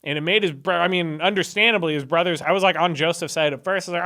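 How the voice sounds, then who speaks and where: Retelling scripture for his video channel, a young man keeps things chatty and irreverent, tossing in sarcastic remarks as he goes. His voice is high, slightly raised, pushed and bright, and he speaks fast.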